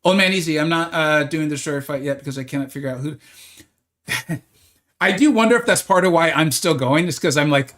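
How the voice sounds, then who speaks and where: A man's voice: a little high, a little fast, a bit bright. A man streaming a video game live, chatting casually and answering viewers' comments as he plays. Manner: chatty, answers viewer chat, frequent restarts. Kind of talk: casual livestream chat while playing.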